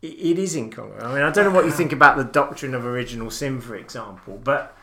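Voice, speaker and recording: A man's voice: medium pitch, fast talker, sharp tone. A man hosting a podcast interview, chatty and affirming, laughing easily as he asks questions. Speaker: podcast host.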